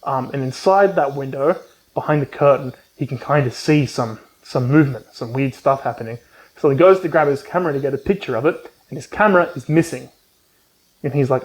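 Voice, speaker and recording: A man's voice: mid-range voice, fairly quick, poor audio. A man recapping a book casually, rambling with lots of ums and swearing, and acting out the characters' lines. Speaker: book reviewer.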